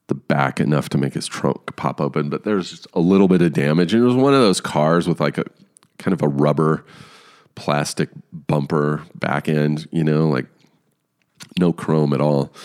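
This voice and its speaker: A man hosting a podcast who tells a story on his own in a casual, animated way, swearing often. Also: very deep voice, clear, resonant tone. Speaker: podcast host.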